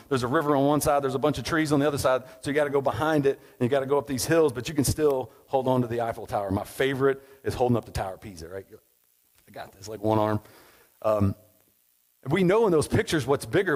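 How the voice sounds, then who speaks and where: A man's voice: mid-range voice, rough recording. A man preaching a sermon in a conversational, storytelling way, often checking in with "right?". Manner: conversational, tag questions, storytelling.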